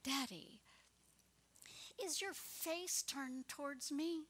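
A woman voicing a frightened little girl who cannot see in the dark, pleading in a childlike way. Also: sits high, slow pace. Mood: hopeful.

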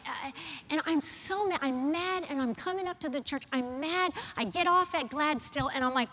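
A woman preaching a sermon, moving from hushed, near-whispered lines to loud, animated storytelling. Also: sits high, moderate pace, a little hiss or hum. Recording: long reverb of a large hall.

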